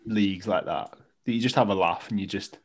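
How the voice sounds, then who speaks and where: Relaxed man hosting a podcast. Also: lowish voice, brisk. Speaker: podcast host. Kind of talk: casual chat.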